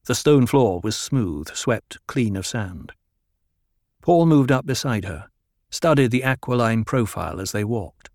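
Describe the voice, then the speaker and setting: A man narrating an audiobook in a calm, measured reading style. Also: medium pitch, no room sound, clean studio sound. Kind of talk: scripted narration.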